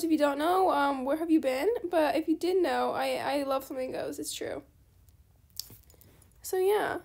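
A gaming channel host, a young woman with a high, creaky voice, chats casually at a moderate pace while trading in a game. She talks to herself and her viewers, apologizes often, and gets excited easily in this laid-back gameplay commentary.

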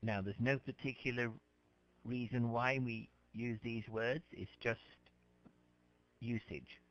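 A man teaching an English class, explaining words slowly and patiently to his students. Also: mid-range voice, steady tone. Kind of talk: classroom lecture. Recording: dull lo-fi lecture recording.

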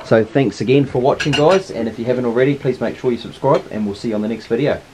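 A man's voice: medium pitch, quick pace, darkish tone, a little hiss or hum. A man, a hunting guide and host, giving easygoing practical instructions and chatting outdoors. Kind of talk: casual outdoor instruction and wrap-up chat. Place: outdoors on a hillside.

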